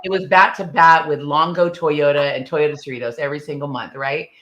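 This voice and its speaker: A middle-aged woman, an interview guest, telling her story in a bold, lively way and acting out the dialogue. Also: sits low, brisk. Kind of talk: casual storytelling.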